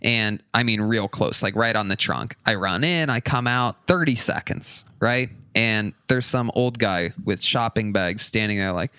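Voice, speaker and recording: A man talks loosely on a podcast, swearing freely and joking as he spins a story. His voice is bright and forward, and the close mic keeps it dry. Mid pitch, with quick bursts of energy. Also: clear, resonant tone, dry recording. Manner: profane, animated, joking. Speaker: podcast guest. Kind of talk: casual chat, storytelling.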